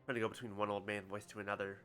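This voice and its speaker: A streamer making quick, joking asides while playing a game on a livestream. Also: low voice, flat delivery, a bit bright, faint music behind. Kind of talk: casual livestream commentary.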